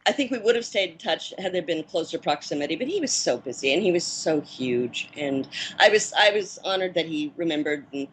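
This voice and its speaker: A woman in her fifties, a former child actress turned film producer, recalling her career in a measured, reflective way with soft fillers. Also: deep voice, lively intonation, slightly rough, low-quality recording. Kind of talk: interview reminiscence.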